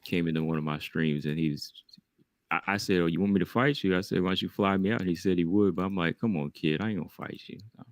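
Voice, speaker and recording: A man's voice: deep voice, steady tone, quick pace, dry recording. A man who streams, a guest on a podcast, teasing the others in dry, casual banter.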